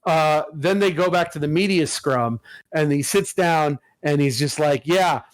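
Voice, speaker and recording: A man's voice: on the high side, measured pace, dry recording, rough recording. A man co-hosting a podcast, telling a long story in casual chat with lots of swearing. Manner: profane, animated storytelling. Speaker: podcast co-host.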